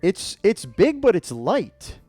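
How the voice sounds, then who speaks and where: A man's voice: sits high, huge pitch swings, takes it slowly, warm tone, dry recording. Playful man streaming over faint music. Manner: playful, jokey, thankful. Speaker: streamer opening fan mail. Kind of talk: casual live-stream chat.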